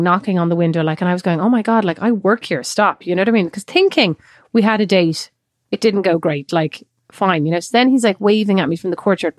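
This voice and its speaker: An Irish woman in early adulthood, co-hosting a podcast and telling stories in a casual, animated way with many quoted asides. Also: lowish voice, no echo, clean studio sound. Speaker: podcast co-host. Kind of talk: casual chat, storytelling.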